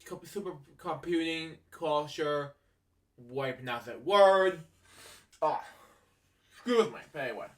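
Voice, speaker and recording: A young man reads computer history aloud at a slow, stop-start crawl, tripping over words and apologizing each time he misspeaks. His voice sits a little high, and he is set back from the microphone, so the sound comes across distant. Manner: stumbling reader, many ums, frequent apologies for misspeaking. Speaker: amateur video maker reading facts aloud. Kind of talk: halting read-aloud narration. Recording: voice from a distance from the mic.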